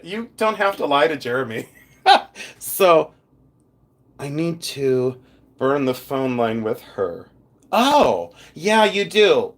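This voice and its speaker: A chatty man with a fairly high, slightly bright voice hosts a live jewelry stream from his second house. He reads viewer comments aloud and teases people, giggling a lot.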